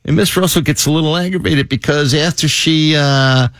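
A man's voice: fairly high pitch, moderate pace, no room sound, clean studio sound. A man with a Chicago accent co-hosting a casual news talk show, laughing often and putting on voices for the people in his stories. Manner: animated, laughing, puts on voices for quoted people. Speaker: podcast co-host.

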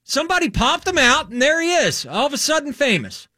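An American man banters in a high, lively voice with a bright, forceful edge. He talks with a joking, mock-indignant manner. The sound is dry and close. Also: brisk, no room sound. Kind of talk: casual banter.

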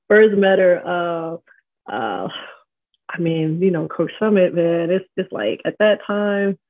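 A middle-aged woman from New York, a podcast guest telling stories in a casual, animated way, full of "like" and "you know". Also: on the low side, takes it slowly, dry recording. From Queens, New York. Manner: animated, slangy, heavy use of "like" and "you know". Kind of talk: casual storytelling interview. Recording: tinny phone-like line.

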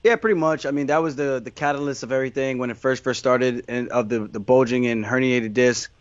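A man's voice: mid-range voice, fairly quick, no room sound, dull audio. A man being interviewed about his fighting career, answering in a candid, rambling way with lots of restarts.

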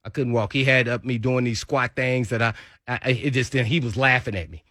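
A man's voice: mid-range voice, brisk, dry recording, clean studio sound. A man co-hosting a sports talk radio show, telling locker-room stories and acting out other people's voices as he goes. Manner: animated storyteller who acts out others' voices. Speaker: radio show co-host and former pro football player.

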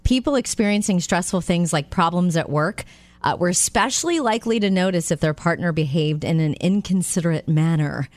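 Bubbly and quick to laugh, this radio co-host chats casually and reads light news features as animated stories. She has a fairly low voice, speaks a little fast, and is recorded with no echo.

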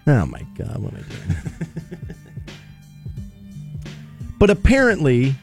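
A man hosting a radio show, chatting casually in the studio in an animated, self-mocking way and saying "dude" a lot. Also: medium pitch, slow pace, vocal fry, over music. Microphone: studio microphone.

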